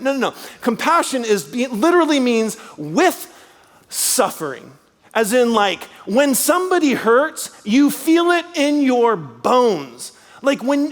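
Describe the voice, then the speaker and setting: Middle-aged guy preaching, high voice, lively then hushed, long church reverb. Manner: animated, swings between loud and hushed asides. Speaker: guest preacher. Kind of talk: sermon.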